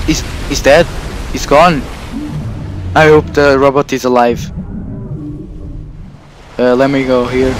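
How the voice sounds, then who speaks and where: Playing a house owner in an in-character gameplay vlog, a man lets out scared, excited outbursts and stammers, repeating himself. He speaks at medium pitch, with background noise in the clip.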